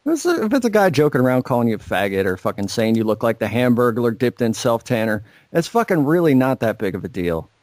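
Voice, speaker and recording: A young man on a podcast, venting in a sarcastic rant full of swearing. His voice sits at an ordinary middle pitch, recorded dry and close with no room sound. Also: big pitch swings, fast talker, few pauses, a little mellow, no room sound. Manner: ranting, swears constantly, sarcastic. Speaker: podcast co-host. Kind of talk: profane casual chat.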